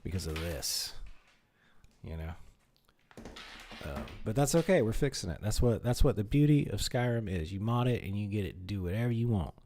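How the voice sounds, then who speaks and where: A man's voice: lowish voice, lively intonation, moderate pace, mellow, slight background noise. A man hosting a livestream, commenting casually in a laid-back, rambling way and laughing easily. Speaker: livestream host.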